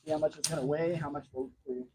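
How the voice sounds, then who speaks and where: A man's voice: a little high, fairly even intonation, fast, background noise. A man hosting a casual livestream from home, telling long rambling stories in a chatty way. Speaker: livestream host.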